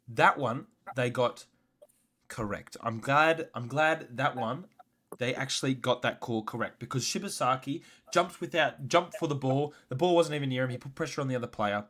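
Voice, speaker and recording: A man co-hosting a casual sports podcast, fired up and swearing as he rants, swinging between loud and quiet. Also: mid-range voice, moderate pace, a little hiss or hum. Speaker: podcast co-host.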